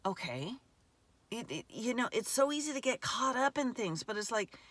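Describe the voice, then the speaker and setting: A woman's voice: a little high, very animated, moderate pace, a bit bright, dry recording. A woman hosting a podcast, talking through a meandering spiritual reflection outdoors, often restarting sentences and laughing mid-thought. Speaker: podcast host. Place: outdoors in a remote spot.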